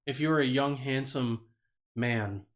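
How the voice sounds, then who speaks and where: A man co-hosting a casual comedy podcast, animated and swearing, often laughing and tripping over his words. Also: mid-range voice, unhurried. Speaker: podcast co-host.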